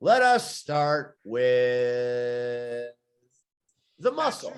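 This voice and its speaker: A man's voice: mid-range voice, sing-song, drawn-out words, slight background noise. A man hosting a wrestling talk show, teasing his guests. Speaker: host.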